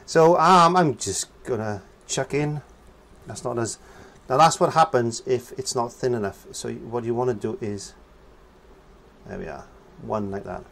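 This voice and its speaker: A man's voice: medium pitch, a little slow, creaky, a bit bright, a little hiss or hum. A man giving a casual painting lesson, chatting as he works and humming nonsense syllables while he paints. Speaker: painting teacher.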